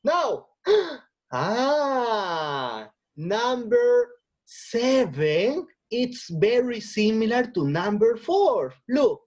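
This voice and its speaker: A woman leads an English lesson for young children, her husky voice rising and falling in a lively, sing-song way. She speaks slowly and encouragingly, repeating words and slipping into Spanish. The recording sounds dull and lo-fi. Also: on the high side. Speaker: English teacher. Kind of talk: online lesson for young learners.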